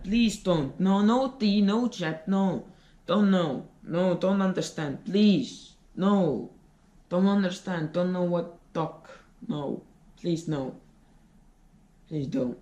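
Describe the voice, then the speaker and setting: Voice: medium pitch, slow, dark tone, lo-fi sound, natural voice. A speaker voicing a frightened foreign man in a bar who pleads in broken English, repeating no and please. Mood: pleading. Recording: roomy echo.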